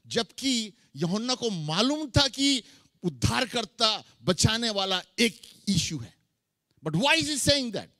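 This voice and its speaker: A man's voice: sits high, sharp tone, no room sound, studio quality. A middle-aged man preaching a sermon, mixing English with Hindi phrases. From India. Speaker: pastor.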